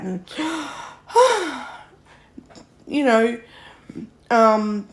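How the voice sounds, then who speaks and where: A woman's voice: medium pitch, a little slow. A woman, ranting bluntly to camera in a vlog, swearing often and sounding exasperated. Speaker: vlogger.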